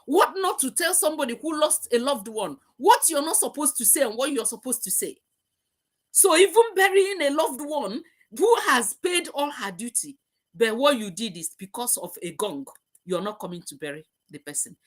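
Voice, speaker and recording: A woman's voice: sits high, expressive, normal speed. A middle-aged woman hosting a live talk, speaking passionately and repeating herself as she preaches. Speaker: host. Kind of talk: emotional live-stream talk.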